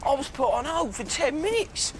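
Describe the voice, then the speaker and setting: A very high, very animated male voice at a moderate pace belongs to an actor in a comedy sketch. He plays a cocky young new father who boasts and cracks himself up with his own jokes, and the sketch show recording is noisy.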